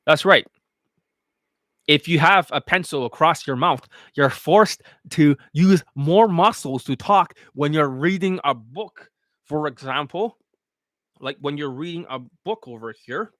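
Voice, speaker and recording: A man talking as a dating coach in a casual livestream, blunt, boastful and full of swearing as he pitches his products. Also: a little slow, a bit bright, no echo, clean studio sound.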